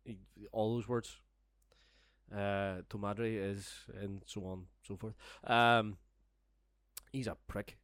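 A young man spins a meandering, foul-mouthed anecdote in relaxed podcast chat. His voice sits low, and the sound is dry and close with no room around it. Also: takes it slowly, clear, resonant tone, no echo. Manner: rambling, sweary, laughing storyteller. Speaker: storyteller guest.

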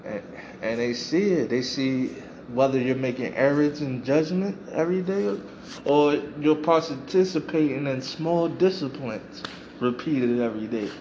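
A man's voice: mid-range voice, a little slow, a little mellow, dull audio, a little hiss or hum. A man hosting a podcast, giving a reflective motivational monologue and repeating phrases for emphasis. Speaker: podcast host.

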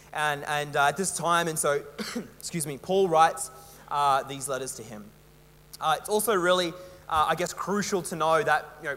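A man's voice: on the high side, bright, forceful tone, long reverb tail. A young Australian man preaching a sermon in a chatty, rambling, self-mocking way, full of fillers. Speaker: pastor. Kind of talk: casual storytelling sermon.

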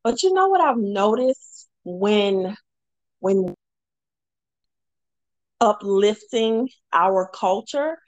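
A woman's voice: medium pitch, animated, extremely slow, long pauses, darkish tone, dry recording, lo-fi sound. A woman hosting a podcast and interviewing a guest in an affirming, chatty way. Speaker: podcast host. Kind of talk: casual interview.

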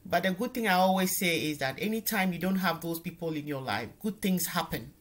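A woman's voice: on the low side, expressive, brisk. A woman hosting a casual talk, agreeing with her guest and adding her own view. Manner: affirming, brief agreements. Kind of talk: casual chat.

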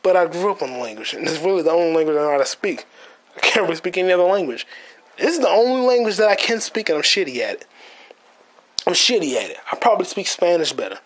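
Young American man, solo podcast host, husky and fairly high, rambling profane jokes. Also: lively intonation, fast. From United States. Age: 20s. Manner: stumbles over words. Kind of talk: casual solo monologue.

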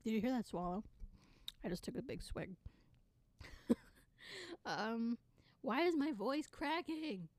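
A teenage girl hosting her own podcast, ranting in a sassy, sarcastic way with sudden loud bursts. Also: a little high, lively intonation, slow, pauses often, no echo. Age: teens. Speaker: podcast host. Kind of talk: casual solo podcast rant.

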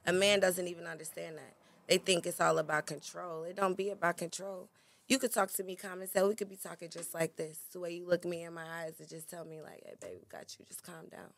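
A woman's voice: fairly low pitch, little pitch movement, quick pace, vocal fry. A woman co-hosting a casual podcast chat, blunt and emphatic, swearing casually.

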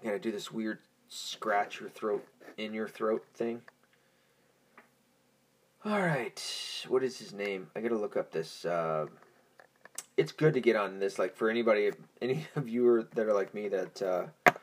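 A young man hosting a podcast in a casual, profane, rambling monologue, stoned and easily distracted. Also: on the low side. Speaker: podcast host.

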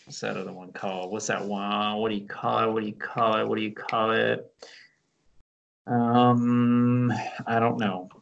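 A man co-hosting a podcast, laid-back and quick to laugh in casual chat. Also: fairly low pitch, vocal fry, a bit bright, muffled recording. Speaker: podcast co-host.

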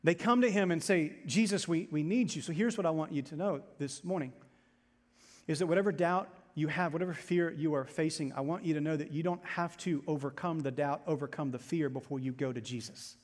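A man's voice: fairly high pitch, fairly quick. A male pastor delivering a sermon in a church, preaching with passion and repeating phrases for emphasis. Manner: impassioned, repetitive preaching with rising intensity. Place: church sanctuary. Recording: long reverb in a large room.

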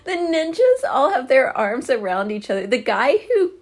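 A woman's voice: sits high, very animated, normal speed. A woman casually recapping a movie scene by scene, with wry, sarcastic asides and frequent laughter.

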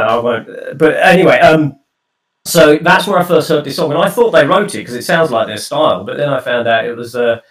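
A man's voice: medium pitch, echoey room, distant mic, poor audio. A man co-hosting a radio show, chatting casually and rambling, often correcting himself. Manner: rambling, self-correcting, playful. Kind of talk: casual chat.

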